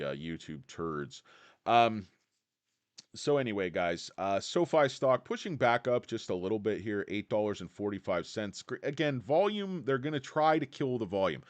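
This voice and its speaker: Sarcastic low-voiced man livestreaming. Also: fairly bright tone, no echo. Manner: sarcastic, crude, rambling. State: out of breath. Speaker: stock market livestream host. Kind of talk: casual livestream commentary.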